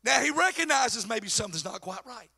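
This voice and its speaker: A man preaches a sermon in a very high, gravelly voice. His tone is bright and forceful. He slides from low asides into shouted exhortation and acts out the voices he quotes with mocking flair. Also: animated, a little fast. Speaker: pastor.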